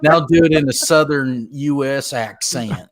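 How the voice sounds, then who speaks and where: A man's voice: mid-range voice, a little slow. A man in a casual chat, making wry, teasing remarks.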